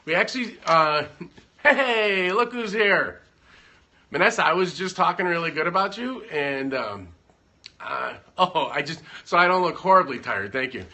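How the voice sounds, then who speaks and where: A man's voice: sits high, expressive, a little slow, bright, forceful tone. A man chatting casually at home on a livestream, giving business advice in a rambling, joking way. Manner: rambling, self-interrupting, joking.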